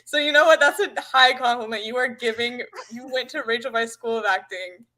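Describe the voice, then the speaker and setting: Bright, gushing woman podcast co-host. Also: a little high, a little fast. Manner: lively, gushing, laughs often. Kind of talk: casual podcast chat.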